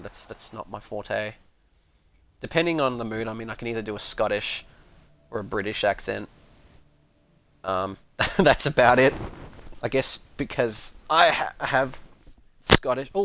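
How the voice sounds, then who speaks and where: A man's voice: fairly low pitch, a bit bright, slight background noise, rough recording. A man giving casual, rambling live commentary on a sim racing stream, full of joking asides.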